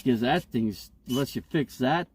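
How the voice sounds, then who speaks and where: A man's voice: medium pitch, animated, normal speed, a little mellow, a little hiss or hum. A man in his fifties, host of a casual live chat, rambling and profane as he retells his day. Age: 50s. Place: inside an RV.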